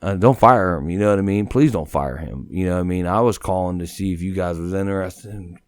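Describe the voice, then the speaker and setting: A low-voiced man tells a story as a podcast guest. He talks in an animated, rambling way and swears freely. The recording is dry and close. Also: fast talker, smooth, no echo. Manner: animated, swearing, repeats "you know what I mean". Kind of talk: casual storytelling.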